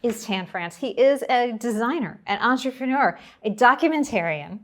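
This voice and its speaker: A woman hosts a casual interview in an upbeat, playful way, gently teasing her guest. Her voice sits a little high. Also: animated, normal speed. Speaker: interview host.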